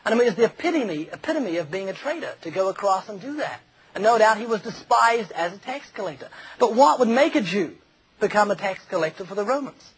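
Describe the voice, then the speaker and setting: A man's voice: high-pitched, animated, fairly quick, husky, rough recording. A man preaching a humorous sermon, telling stories and acting out the quoted voices of others. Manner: jokey, storytelling, acts out quoted voices.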